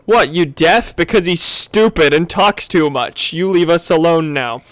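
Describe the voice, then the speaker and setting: A man voicing gruff, boorish male alien hunters who talk in broken grammar and hurl childish insults. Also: on the high side, unhurried, a bit bright, dry recording. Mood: taunting.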